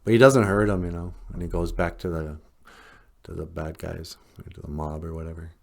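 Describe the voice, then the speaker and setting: A man's voice: low-pitched, moderate pace, creaky. A man hosting a podcast, telling a story in a casual, rambling way with lots of fillers. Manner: relaxed, rambling with fillers and chuckles. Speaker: podcast host.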